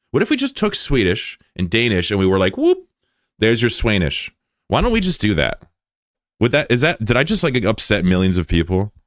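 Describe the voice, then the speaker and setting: A young man from the United States chats loosely with his livestream audience in a deep voice that rises and dips with a lot of movement. He jokes around and trips over words in other languages. The sound is dry and close to the mic. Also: fairly bright tone, dry recording. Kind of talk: casual chat with a live audience.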